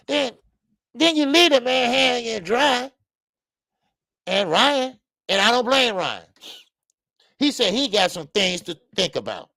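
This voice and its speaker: A man hosting a boxing live stream, reading viewer comments and ranting in an animated way, with many stammered fillers. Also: very high-pitched, creaky, no room sound. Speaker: boxing channel host.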